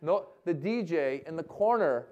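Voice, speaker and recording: A man, a comedian, telling a lively anecdote at a talk event and acting out the other people in it. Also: fairly high pitch, normal speed, muffled recording. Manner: animated storytelling, acting out other people's lines. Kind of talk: stand-up style anecdote. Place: lecture hall event.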